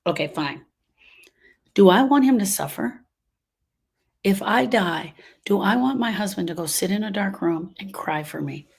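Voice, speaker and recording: A woman's voice: medium pitch, expressive, measured pace, gravelly, pauses often, breathy edge. A woman, hosting a grief podcast and telling her story earnestly, repeating phrases for emphasis. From Louisiana. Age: 60s. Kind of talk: heartfelt storytelling to listeners.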